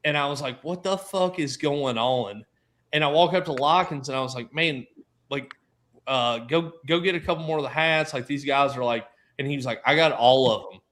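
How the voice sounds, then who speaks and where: A man on a casual sports roundtable, telling animated stories and acting out quotes from friends. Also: medium pitch, moderate pace. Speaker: podcast panelist.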